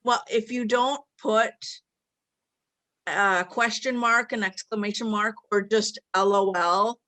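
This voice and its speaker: A woman's voice: medium pitch, fairly even intonation, takes it slowly, bright, forceful tone, no room sound. A woman hosting a casual conversation, earnestly explaining at length with quoted examples. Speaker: host.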